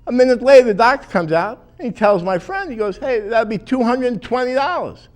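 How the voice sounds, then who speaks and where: A man doing a stand-up comedy routine, telling chatty stories with deadpan punchlines. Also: very high voice, a little fast.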